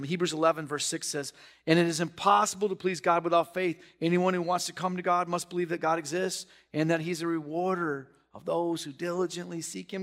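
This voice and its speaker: Man, pastor, high voice, sermon delivery, soft then loud, animated preaching.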